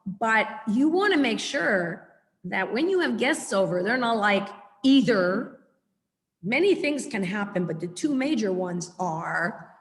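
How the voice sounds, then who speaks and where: A woman dog trainer teaching a webinar over a video call, chatty and lively, repeating words for emphasis. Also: a little high, a little slow. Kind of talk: webinar lesson. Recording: echoey video call audio.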